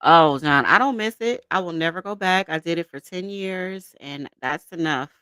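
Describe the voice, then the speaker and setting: A woman's voice: lowish voice, normal speed, pushed and bright, clean tone, no echo. A woman in her thirties hosting a casual livestream, greeting viewers by name and laughing often as she chats. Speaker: livestream host.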